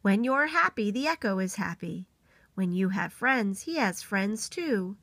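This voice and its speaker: A woman voicing a wise, kindly old male beaver in a storybook read-aloud, speaking slowly and softly in a lowered voice. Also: expressive, dry recording. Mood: gentle. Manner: slow, soft, lower voice.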